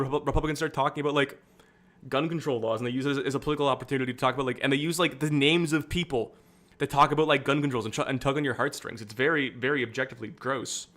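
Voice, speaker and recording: A man's voice: mid-range voice, a bit bright. A young man streaming casual political commentary, rambling and candid, with frequent fillers and restarts.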